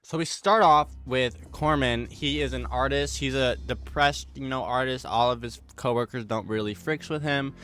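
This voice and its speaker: A man's voice: mid-range voice, normal speed, hardly any pauses, fairly bright tone. A man giving a casual, rambling recap of a TV horror episode, full of slang, swearing and fillers. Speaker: video commentator.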